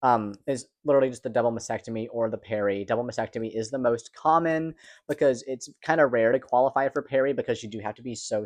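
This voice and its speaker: Young male vlogger, mid-pitched, chatty and fast, candid, dry close mic. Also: no echo. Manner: chatty, fast-talking, candid with casual swearing. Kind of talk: casual personal vlog.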